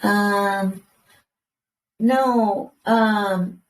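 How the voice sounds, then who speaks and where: A woman in her thirties co-hosting a casual podcast, telling a lively story about her young kids, swearing casually and acting out their voices. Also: mid-range voice, very slow. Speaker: podcast co-host. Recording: roomy, distant mic with faint background hiss.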